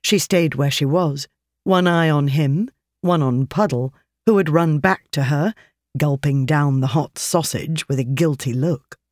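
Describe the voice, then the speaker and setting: An audiobook narrator reading a story in a steady, measured way. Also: mid-range voice, dry recording, clean studio sound. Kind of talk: scripted narration.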